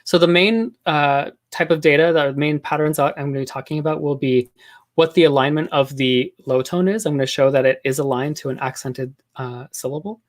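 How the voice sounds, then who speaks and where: A man giving an academic talk on linguistics, measured and thoughtful, with frequent pauses and fillers. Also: on the high side, fairly even intonation. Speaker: linguistics lecturer.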